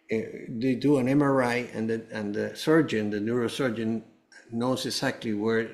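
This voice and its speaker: An earnest man tells a personal story as a guest, his voice sitting at an everyday middle pitch. He wanders through the telling and keeps backing up to restart his sentences. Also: darkish tone. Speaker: guest, cancer survivor. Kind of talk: personal testimony told to a host.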